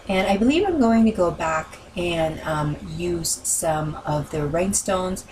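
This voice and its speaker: A woman's voice: lowish voice, lively intonation, a little slow, a little mellow, far from the mic, a little hiss or hum, rough recording. A woman narrating a crafting video in a casual voice-over, rambling with many ums and self-corrections, her voice worn from talking. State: losing her voice.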